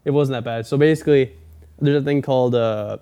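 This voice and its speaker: A man's voice: mid-range voice, a little fast, crowd noise. A young man hosting a podcast, telling a rambling story in casual chat and acting out the quotes. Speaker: podcast host.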